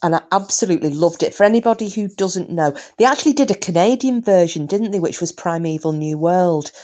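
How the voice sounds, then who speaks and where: A woman's voice: on the low side, lively intonation, a little fast, mellow. A middle-aged woman, chatting casually to her live stream viewers in a rambling way with frequent laughs.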